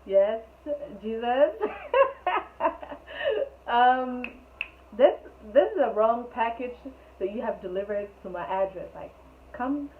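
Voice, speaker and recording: A woman telling a storytime vlog in an animated, rambling way, full of "like", on a tinny, phone-like recording. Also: a little high, a little slow. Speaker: vlogger. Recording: tinny phone-like sound, faint hiss.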